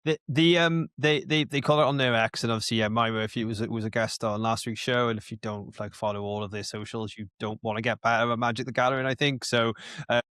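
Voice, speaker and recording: A man's voice: medium pitch, steady tone, quick pace, a bit bright, smooth, no echo. A man co-hosting a casual podcast, rambling, with lots of restarts. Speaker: podcast co-host.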